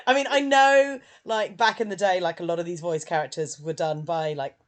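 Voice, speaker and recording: A woman co-hosting a casual film review chat, animated and quick to put on silly voices. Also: lowish voice. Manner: animated, puts on silly voices when quoting. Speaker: podcast co-host.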